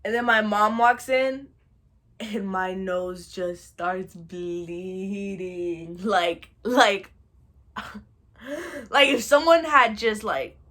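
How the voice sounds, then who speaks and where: A young woman telling a funny childhood story in a casual storytime, animated and dramatic, laughing as she goes. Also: medium pitch, drawn-out words. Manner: animated and dramatic, shouting and wailing re-enactments.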